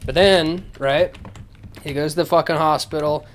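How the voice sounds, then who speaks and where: Man, casual rant, slightly high pitch, sarcastic, profane, rambling, close mic. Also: steady tone, normal speed, a little hiss or hum. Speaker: podcast host. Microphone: close microphone.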